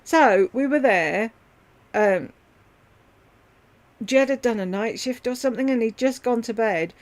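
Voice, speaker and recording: A woman with a fairly high voice and measured pace hosts a loose livestream chat from her home. She talks to viewers by name and meanders from one thing to the next.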